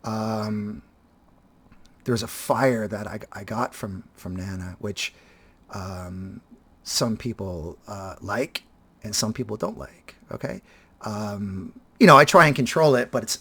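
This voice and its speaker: A man in his fifties talking casually and reflectively to his viewers, halting often and repeating words as he restarts his sentences. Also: fairly low pitch, fairly bright tone, breathy edge. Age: 50s. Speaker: vlogger and teacher.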